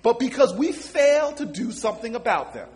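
A man's voice: very high-pitched, sing-song, moderate pace, darkish tone. A man giving an impassioned motivational speech, telling stories and repeating words as he builds. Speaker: public speaker.

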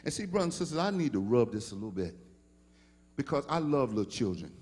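A male pastor, preaching a sermon in a storytelling way that rises into shouted preaching. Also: medium pitch, sing-song, quick pace, slightly rough.

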